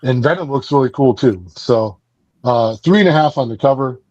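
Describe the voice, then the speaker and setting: A man's voice: medium pitch, lively intonation, moderate pace, darkish tone, no echo, dull audio. A man hosting a book club podcast, casually recapping and reviewing a comic in a rambling way, with many fillers and restarts.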